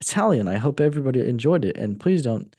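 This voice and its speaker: A man hosting a football podcast, running through match results in a relaxed, joking way. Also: medium pitch, quick pace, no room sound, clean studio sound. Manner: relaxed, joking, reads results in a steady run. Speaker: podcast host. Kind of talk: casual football chat.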